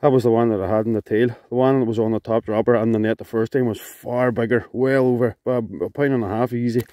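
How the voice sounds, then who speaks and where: A Scottish man fishing outdoors by a loch, giving excited, sweary commentary and shouting to a friend across the water. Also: medium pitch, fast, dry recording. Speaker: fishing vlogger.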